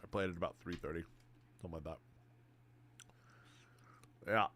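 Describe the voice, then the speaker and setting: Low-voiced excitable young man streaming. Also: moderate pace, a little hiss or hum. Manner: excitable, swears freely, says "bro" constantly. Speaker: streamer answering chat. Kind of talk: casual livestream chat.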